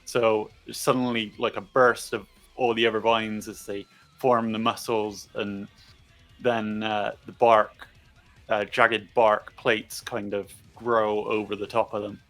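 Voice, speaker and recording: A man's voice: lowish voice, level tone, takes it slowly, fairly bright tone, faint music behind. A man playing in a tabletop game, casually describing his character's actions with plenty of fillers. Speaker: player.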